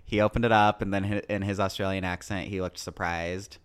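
Deep-voiced and a little fast, this male podcast co-host has a flat delivery and a clean tone. Even so, his casual chat comes across as upbeat and playful.

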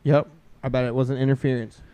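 A man's voice: mid-range voice, level tone, a little fast, warm tone, smooth, no room sound. A young man co-hosting a casual podcast, teasing his friend with jokey, swearing reactions. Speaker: podcast co-host. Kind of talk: casual chat.

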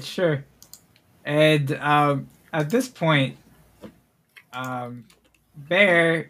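Bright-voiced young game master man. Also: mid-range voice. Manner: relaxed, halting, with fillers. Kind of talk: narrating a tabletop game.

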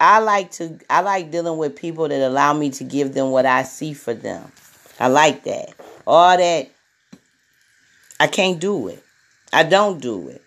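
Woman podcast host, frank and salty, rambling casual monologue. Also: on the low side. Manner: blunt and profane, with many repetitions.

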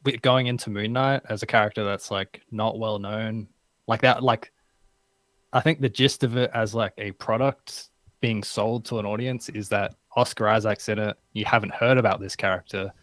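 A man's voice: on the low side, fairly even intonation, normal speed, fairly bright tone, dry recording. A man in casual chat who hedges a lot, filling with "like" and "I don't know". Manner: hedging, fills with "like" and "I don't know".

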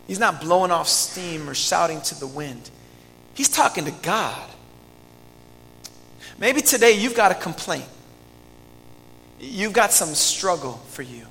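A male pastor preaches with a high, bright voice, earnest and pleading with his listeners. He moves between loud emphasis and hushed lines. His voice carries the long reverb of a church hall. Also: creaky. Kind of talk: sermon.

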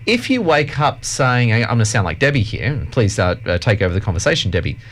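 A man's voice: on the low side, fast talker. A man co-hosting a podcast who talks in a casual, motivational way and tells emphatic, upbeat stories. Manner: animated storyteller, upbeat and emphatic. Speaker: podcast co-host.

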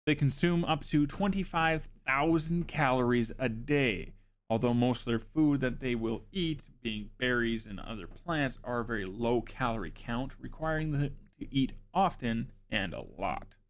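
A man hosting a streamed show, reading facts from his notes at a medium pitch. He breaks off into dry, joking asides before going back to the material, speaking close to his mic. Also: a little slow. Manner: wry, joking asides between read facts. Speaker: show host.

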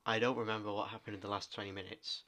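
A man co-hosting a podcast, retelling things in a rambling, animated way. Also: on the low side, very fast. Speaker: podcast co-host. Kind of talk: casual chat.

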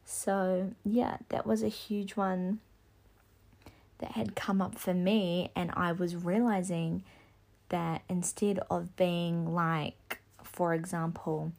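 A woman's voice: on the low side, little pitch movement, takes it slowly, vocal fry. A young woman hosting a solo podcast, talking bluntly and with swearing, and getting more and more worked up. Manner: impassioned, blunt and sweary, rising to near-shouting. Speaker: podcast host. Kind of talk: casual solo podcast monologue.

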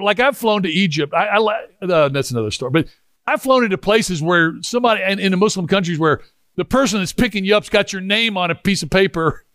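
A middle-aged man preaching a storytelling sermon, animated and rambling with frequent restarts, moving into prayer. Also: sits high, fast talker, dry recording, clean studio sound. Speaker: pastor.

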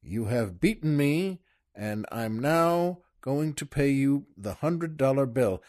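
A man's voice: medium pitch, lively intonation, slow, darkish tone. A man voicing a sly, unruffled shopkeeper who heals people, polite and smiling. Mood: sly, calm.

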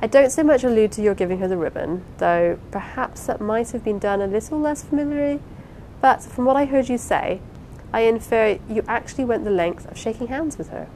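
A woman reading a formal, gently reproving young husband. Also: a little high, a little fast, slight background noise, pitched above the performer's own voice, close to an everyday voice, low-quality recording. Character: reserved proper young husband. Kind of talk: audiobook character reading.

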